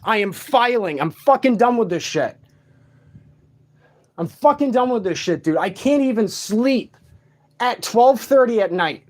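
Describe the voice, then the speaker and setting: A man's voice: high-pitched, lively intonation, a little slow, pauses often. A sleep-deprived man in an agitated, profane rant, speaking in a room of a shared home late at night. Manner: agitated, profane, repetitive ranting.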